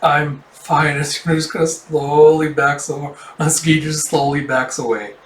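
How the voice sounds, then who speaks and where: A man's voice: a little high, fairly even intonation, normal speed. A man casually reading through a comic, retelling each scene in a chatty way. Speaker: manga reader. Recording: roomy echo, distant mic.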